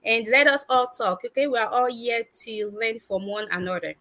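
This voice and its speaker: A woman with a high, bright voice hosts a casual livestream, speaking through earphones and a laptop. She is upbeat and chatty, greeting viewers one by one and laughing often. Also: normal speed. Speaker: livestream host. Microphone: wireless earphones and laptop.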